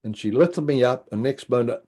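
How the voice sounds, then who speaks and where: Talking a little fast, a middle-aged podcast guest tells a story about himself in a loose, animated way. Quotes get acted out, and he sometimes sinks into low asides.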